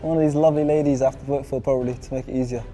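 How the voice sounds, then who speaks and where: A man's voice: mid-range voice, steady tone, rapid-fire, dark tone, faint music behind. A young man on a panel in a group game video, handing down mock-serious rulings. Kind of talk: joking group banter.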